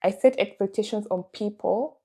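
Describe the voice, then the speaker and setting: A woman's voice: medium pitch, normal speed, dark tone, breathy edge. A young woman, talking candidly and emotionally in a confessional vlog. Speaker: vlogger.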